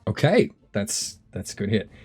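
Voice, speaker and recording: A man's voice: lowish voice, normal speed, noisy background. A man narrating combat as game master of a tabletop game, easygoing and full of filler words. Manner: relaxed, many fillers and restarts while narrating combat.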